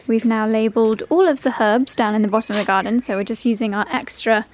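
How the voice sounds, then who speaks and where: A woman's voice: a little high, fast, darkish tone. A woman chatting upbeat to her viewers in a lifestyle vlog, calling them darlings. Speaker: vlogger. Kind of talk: casual vlog chat. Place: home and garden.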